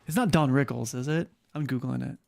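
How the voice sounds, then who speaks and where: A man's voice: mid-range voice, fairly quick, vocal fry, a little mellow. A man hosting and casting a game tournament stream, talking in a rambling, joking way with plenty of fillers. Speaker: host and caster. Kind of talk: casual esports shoutcasting stream.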